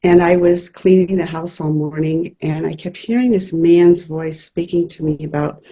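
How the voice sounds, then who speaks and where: Woman, husky and mellow, earnest chatty storyteller, spiritual medium being interviewed. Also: fairly low pitch, moderate pace, few pauses. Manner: earnest, chatty, laughs through stories.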